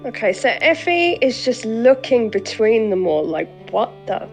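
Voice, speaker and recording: A woman's voice: a little high, very animated, a little slow, soft background music, poor audio. A woman player in a tabletop game, casually describing her character and laughing and swearing as she goes.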